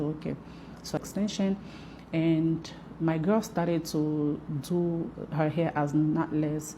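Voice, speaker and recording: A woman's voice: low-pitched, warm tone, a little hiss or hum. A woman who owns a hair braiding shop, talking through her side of a dispute in a video monologue with repetitive, emphatic, sometimes heated phrasing.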